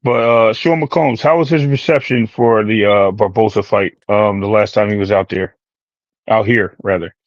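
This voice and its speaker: A man co-hosting a casual boxing chat, bantering in energetic slang. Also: on the low side, normal speed, no echo, muffled recording. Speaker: co-host.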